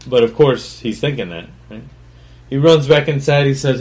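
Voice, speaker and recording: Man, chef-host, mid-pitched, swears freely, brags, rambles with restarts. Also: animated, normal speed. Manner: profane, blunt and boastful; rambling with many fillers and restarts. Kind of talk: casual solo storytelling.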